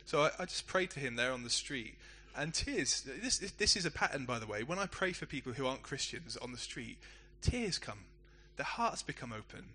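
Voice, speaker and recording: Pastor, male, middle-aged; bright forward voice; chatty story-led preaching. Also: mid-range voice, expressive, normal speed, hardly any pauses, a little hiss or hum. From England. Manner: conversational, self-deprecating storytelling. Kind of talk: sermon.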